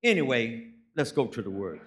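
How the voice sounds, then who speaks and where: A man's voice: mid-range voice, very animated, moderate pace. A man, preaching a sermon as a guest preacher, telling folksy stories and rising into emphatic preaching.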